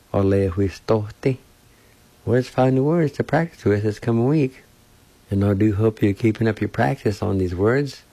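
A man giving a language lesson, sounding out words syllable by syllable in a slow, deliberate, gently encouraging way. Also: lowish voice, creaky, husky, dry recording. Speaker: language teacher.

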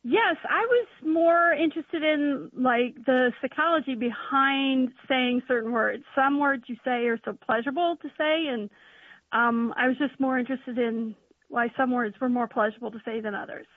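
High-voiced woman caller on a tinny phone line. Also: moderate pace, breathy edge, dry recording. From North Dakota, USA. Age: adult teacher. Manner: enthusiastic, hesitant with ums and likes. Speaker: radio call-in caller. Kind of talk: casual phone chat.

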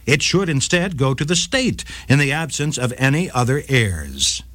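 A man's voice: mid-range voice, very animated, moderate pace, a bit bright, no room sound. A man playing a stern state's attorney who firmly rebuts in court, on a radio segment. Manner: firm, formal legal tone.

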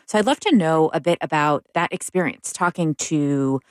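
A woman's voice: sits low, normal speed, dry recording, studio quality. A woman hosting an interview, asking curious and inviting questions. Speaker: interview host.

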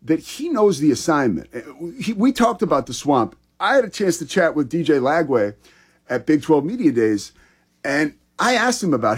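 A man's voice: a little high, sing-song, normal speed, breathy edge. A man co-hosting a sports talk show, chatting in an enthusiastic, conversational way. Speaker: sports podcast co-host.

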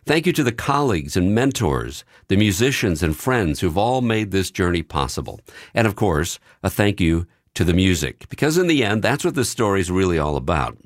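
Older male radio veteran, announcer read, low register, dry close-mic studio. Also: sing-song, moderate pace, no echo. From Minnesota. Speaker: retiring radio station president. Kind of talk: scripted radio narration.

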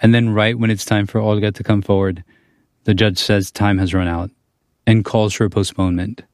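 A man narrating a documentary report as the reporter, in a measured, calm storytelling manner. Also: on the low side, no echo, clean studio sound. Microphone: studio voice-over mic.

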